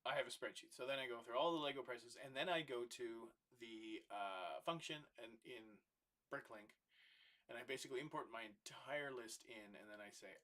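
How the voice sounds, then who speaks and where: A man's voice: mid-range voice, moderate pace, sharp tone. A man hosting a livestream while building with Lego, chatting casually, thinking aloud and muttering to himself as he works. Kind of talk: casual rambling livestream chat.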